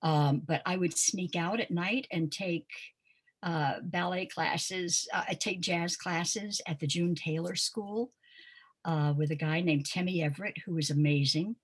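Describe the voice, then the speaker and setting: An older woman from Pensacola tells stories as an interview guest. Her low voice carries a husky edge, and she talks conversationally with plenty of ums and uhs. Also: unhurried. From Pensacola, Florida. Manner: warm storytelling with frequent ums and uhs. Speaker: interview guest, dance teacher.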